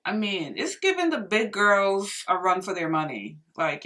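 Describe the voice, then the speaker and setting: A woman's voice: medium pitch, expressive, moderate pace, hardly any pauses, sharp tone, distant mic. A young woman reviewing makeup in a casual vlog, gushing and exclaiming to her viewers as if they were friends. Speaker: beauty vlogger.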